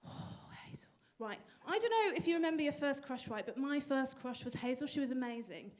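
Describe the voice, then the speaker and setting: High-voiced woman doing stand-up. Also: lively intonation, fairly quick, a little mellow. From England. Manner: dry, self-deprecating delivery with sudden high bursts. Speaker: stand-up comedian. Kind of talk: stand-up comedy set. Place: comedy venue stage. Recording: live audience laughter.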